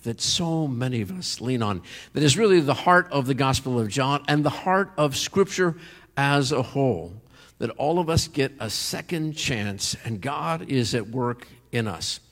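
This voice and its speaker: A man's voice: medium pitch, animated, normal speed, long reverb tail. A man preaching a sermon as pastor, earnest and rising to emphatic peaks on key phrases.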